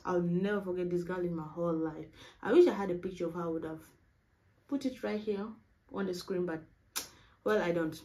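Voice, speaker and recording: A young woman from Africa, a university student, chatting quickly and casually to camera, saying "y'all". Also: fairly low pitch, fairly even intonation, warm tone, poor audio. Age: young adult.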